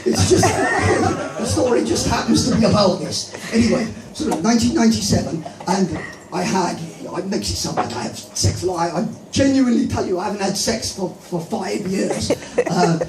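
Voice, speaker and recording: A man doing open-mic stand-up, telling stories in a rambling, self-deprecating way full of halting restarts. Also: high voice, expressive, background noise. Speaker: stand-up comedian. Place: open-mic comedy venue. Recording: echoey room, far from mic, loud music.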